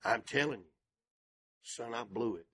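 An older male pastor preaching with passion, swinging between shouted and hushed delivery. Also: mid-range voice, unhurried, breathy edge. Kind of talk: sermon.

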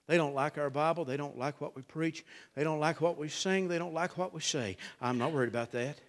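A middle-aged man preaching a sermon, dropping to a hush and climbing to shouts in a folksy drawl. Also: on the high side, brisk, in a large hall. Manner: swings from hushed to shouting, drawling folksy delivery. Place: church.

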